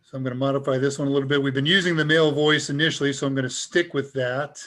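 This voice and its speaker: A man hosting a live tech Q&A, talking casually and chuckling as he demonstrates software. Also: mid-range voice, steady tone, rapid-fire. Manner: casual and upbeat, chuckles often. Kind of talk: live demo talk.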